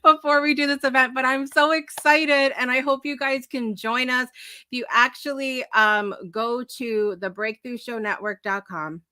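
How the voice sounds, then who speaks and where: A woman hosts a live morning talk show in a loose, rambling way, full of fillers and quick laughs. Her voice is bright and forward. The sound is dry and close, with no room in it. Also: high voice, steady tone, no echo. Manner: chatty and rambling, with frequent fillers and asides; bubbly and emotional, laughing often. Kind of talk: casual live-stream chat.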